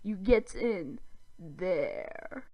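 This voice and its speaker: A woman's voice: fairly low pitch, animated, highs cut off, exaggerated voice. A woman voicing a grumpy, sly old dwarf who huffs and drawls his words. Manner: huffy, teasing, drawn-out.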